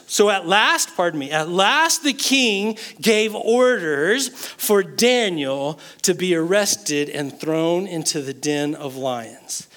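A man preaching a sermon, retelling a Bible story in an animated way and acting out the characters' words. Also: high voice. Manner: animated storytelling, acts out the king's and Daniel's words. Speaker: pastor.

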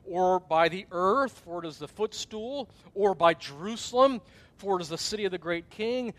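Pastor, middle-aged man, high voice, chatty sermon delivery with acted-out asides. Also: fairly bright tone. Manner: conversational preaching, acted-out asides and gasps.

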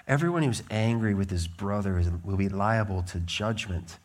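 A man preaching a sermon as a pastor, emphatic and blunt, with lively swings in his delivery. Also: on the low side, normal speed.

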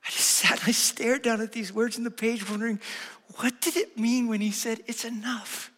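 A middle-aged man preaching a sermon as pastor, telling a personal story with earnest feeling, going from loud and bright to hushed and quiet. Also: very high voice, steady tone, fairly quick, long reverb tail, a little hiss or hum.

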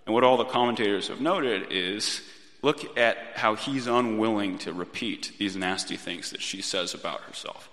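A man's voice: on the low side, moderate pace. Man preaching in a reverberant hall. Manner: gentle, reflective preaching with restarts. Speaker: pastor. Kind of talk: sermon. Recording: long reverb of a church hall.

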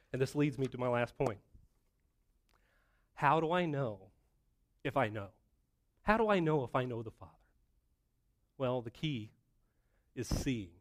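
A middle-aged man preaches with a fairly high, lively voice. His sermon is conversational and animated, built on rhetorical questions. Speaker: pastor.

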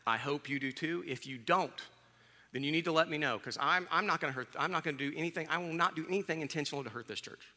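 A man's voice: fairly high pitch, fast talker, sharp tone, big-room sound. A man in his fifties, a pastor, giving a candid, conversational sermon in a church. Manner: candid, conversational, self-deprecating. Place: church sanctuary.

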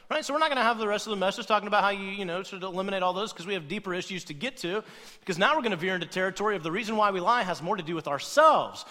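A man preaching a humorous sermon, playful and animated, acting out quoted voices as he goes. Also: on the high side, in a large hall. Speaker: pastor.

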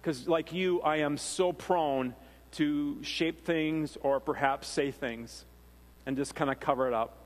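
A Minnesotan man preaching a casual, story-driven sermon, his fairly high voice trailing into a long reverberant tail. He talks like he's chatting with the congregation, circling back with fillers and restarts. The sound carries the echo of a big sanctuary. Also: takes it slowly. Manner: conversational, animated storytelling with frequent fillers and restarts. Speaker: pastor. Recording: long reverb of a large hall.

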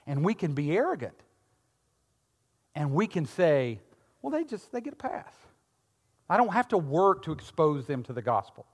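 An older man preaching a sermon, moving from quiet, intimate passages to shouted, fervent ones. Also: on the high side. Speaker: pastor. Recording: long reverb of a large hall.

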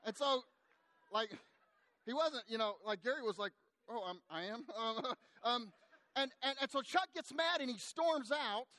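A man preaching, telling a long story to make his point, animated at times and hushed in the sad parts. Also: very high voice, unhurried, no room sound. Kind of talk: sermon storytelling.

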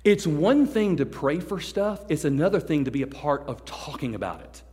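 Joking, animated preacher man in a hall. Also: a little high, normal speed. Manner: animated and joking, acting out people he describes. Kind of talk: sermon to a youth service. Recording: long hall reverb.

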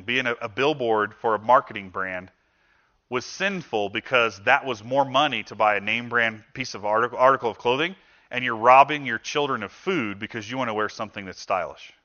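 Guy pastor preaching, chatty and lively, bright voice, kinda dull lo-fi sound. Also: mid-range voice, a little fast. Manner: conversational, animated, acts out quoted voices. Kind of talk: sermon.

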